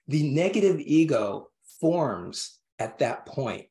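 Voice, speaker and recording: Halting man in an echoey room. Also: mid-range voice, lively intonation. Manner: halting, with many restarts and fillers. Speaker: guest. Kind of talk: interview conversation.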